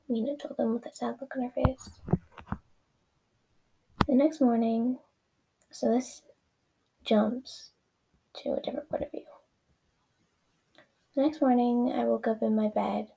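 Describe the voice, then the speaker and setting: Young woman reading her fanfic out loud, gravelly n husky, fixes her own slips, whispers asides. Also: a little high, fairly even intonation, measured pace, long pauses, rough recording. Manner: self-correcting, with whispered asides. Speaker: reader of her own fan fiction. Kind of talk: casual story reading.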